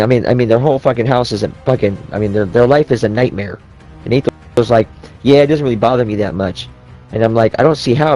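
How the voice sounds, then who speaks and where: A man's voice: mid-range voice, dark tone. A young man ranting as he retells an argument with friends, swearing often and acting out what each person said. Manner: profane, rambling, heated retelling of quoted dialogue. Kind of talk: ranting storytelling.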